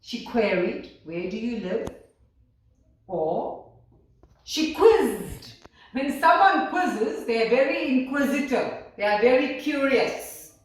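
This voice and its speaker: A woman English teacher leading a classroom lesson, speaking slowly and acting out words with her voice. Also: fairly high pitch. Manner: slow, expressive, acts out words with her voice. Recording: echoey room, voice from far off.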